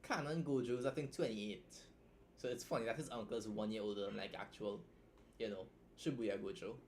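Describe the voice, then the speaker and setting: A man's voice: fairly low pitch, steady tone, slight background noise. Blunt, joking Trinidadian man streaming. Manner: blunt, joking, swears freely, fast asides. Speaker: livestream host and writer. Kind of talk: casual livestream chat, reacting and reading a story aloud.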